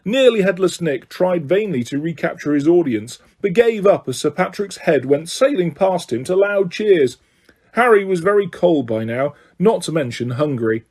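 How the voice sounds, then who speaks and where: A man's voice: high voice, animated, moderate pace, a little mellow, husky. A man reading a storybook aloud as amateur narration, slipping and correcting himself now and then. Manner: slips and self-corrects, laughs. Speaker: audiobook reader.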